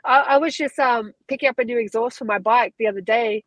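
A woman's voice: fairly high pitch, brisk, no room sound, low-quality recording. An Australian woman in her thirties, a guest fighter chatting casually in an interview, rambling and upbeat.

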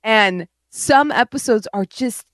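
A woman's voice: on the high side, animated, slow pace, a bit bright, no echo. A woman co-hosting a podcast, chatting casually, laughing often and mimicking people. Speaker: podcast co-host. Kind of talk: casual chat.

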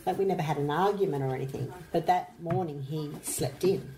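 A woman's voice: sits low, a little fast, mellow, slight background noise. A middle-aged Australian woman, a mother recounting events in an interview, speaking in an earnest, plain-spoken way. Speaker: mother of a missing man. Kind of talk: emotional interview recollection.

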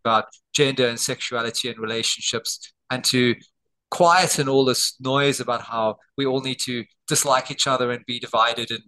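A middle-aged Australian man, a doctor and author, talking as a guest over a video call from home and telling lively anecdotes. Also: medium pitch, moderate pace, poor audio. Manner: lively anecdotes, acting out quoted dialogue. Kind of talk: interview storytelling. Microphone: video call on borrowed telehealth equipment.

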